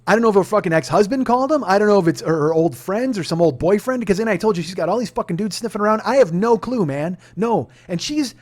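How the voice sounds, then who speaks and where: A man in his forties hosting a comedy podcast, telling a long story in a casual, profane way that often climbs into shouted rants. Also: high-pitched, expressive, quick pace, few pauses. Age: 40s. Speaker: podcast host.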